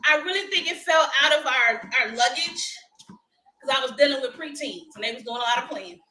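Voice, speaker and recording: A woman's voice: sits high, a little fast, sharp tone, roomy sound, poor audio. A woman, hosting a casual live motivational chat, upbeat and laughing often as she talks to viewers. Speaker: livestream host.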